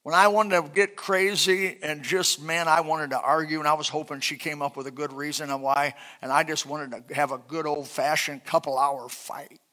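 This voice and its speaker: A middle-aged man preaching a sermon, swinging between loud bursts and soft, quiet asides. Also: fairly high pitch, fairly even intonation, moderate pace, hardly any pauses. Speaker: pastor.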